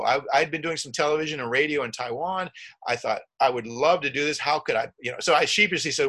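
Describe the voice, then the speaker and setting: A man's voice: medium pitch, brisk, sharp tone. A middle-aged man telling a long travel story in a rambling way, with many restarts and acted-out quotes. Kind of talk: casual storytelling.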